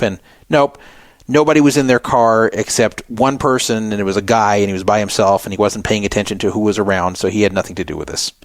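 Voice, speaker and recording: A man's voice: fairly low pitch, no room sound. Man telling a story on a radio show. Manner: animated, acts out the people he quotes. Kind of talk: first-person storytelling.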